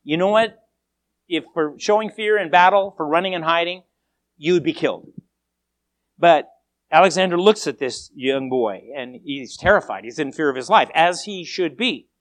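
A preacher tells a story in a sermon, and the voice rises and falls widely to keep listeners hooked. Lines often start over with a repeated word. The delivery stays animated and conversational. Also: medium pitch, moderate pace.

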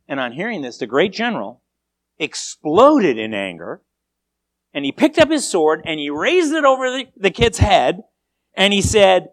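A preacher giving a sermon, telling a story with animated delivery and often repeating the first word of a line. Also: mid-range voice, moderate pace. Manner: animated storytelling, repeats words when starting lines.

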